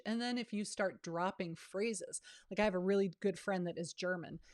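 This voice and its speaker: A woman's voice: on the low side, darkish tone. A woman, a real estate coach giving a live online training and answering viewer questions in a chatty, down-to-earth way. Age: 50s.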